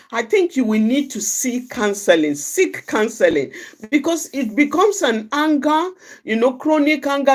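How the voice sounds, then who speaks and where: A middle-aged woman from Nigeria speaks in a fairly high voice that swings up and down a great deal. She gives informal advice, repeating herself and acting out quoted exchanges. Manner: repetitive, restarts phrases, acts out quoted dialogue. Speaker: outreach speaker.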